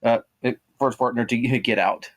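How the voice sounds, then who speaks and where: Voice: mid-range voice, steady tone, brisk. A tabletop role-play player confidently describing their character's actions.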